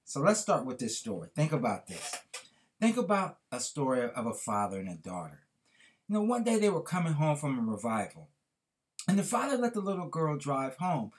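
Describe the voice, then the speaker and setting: A man hosting a podcast, telling a motivational story with earnest, preacher-like emphasis. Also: a little high. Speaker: podcast host.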